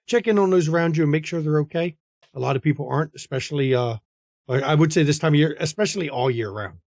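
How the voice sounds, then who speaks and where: A man's voice: on the high side, quick pace, a little mellow, no echo, studio quality. Earnest rambling male stream host. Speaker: game master and host. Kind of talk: casual stream outro chat.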